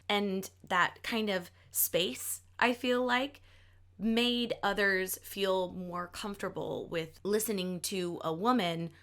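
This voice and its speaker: A woman's voice: mid-range voice, a bit bright. A woman with a Southern US accent hosting a history podcast, narrating with sarcastic, playful jokes and asides.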